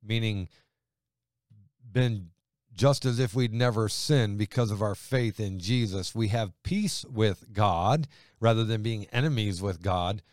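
A pastor with a lowish voice talks through scripture with a co-host, earnest and conversational. He builds to emphatic points, then drops his voice low. The sound is dry and close. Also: a little slow, dry recording.

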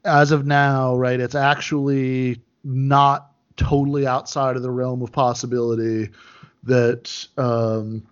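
A man's voice: mid-range voice, little pitch movement, takes it slowly. A man talking as a podcast guest in casual chat, hesitant, with many fillers and restarts. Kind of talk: casual chat over a call. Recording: dull lo-fi sound.

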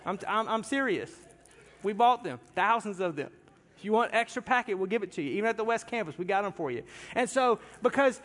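Telling a humorous story in his sermon, a pastor speaks a little fast in an animated, high-pitched, slightly bright voice, talking straight to his congregation. The large church sanctuary produces long hall reverb.

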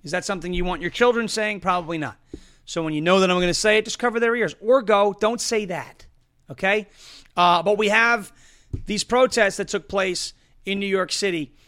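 A man's voice: high voice, brisk, fairly bright tone. A man hosting a political talk show, reading ads and getting heated and emphatic. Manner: emphatic, rising to heated outbursts. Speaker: show host.

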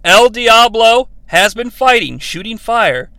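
Brief: bright, sharp-toned male podcast host, sarcastic and swearing, roasting a film. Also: very high voice, slow, dry recording. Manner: sarcastic, profane, animated retelling. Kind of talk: comedic movie recap.

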